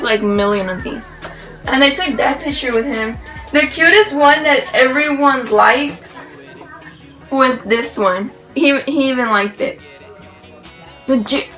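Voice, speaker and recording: A vlogger tells her story to camera in an excited, gushing, rambling style, piling up "like" and restarting often. Her voice is bright and a touch high, with faint music behind her on a rough recording.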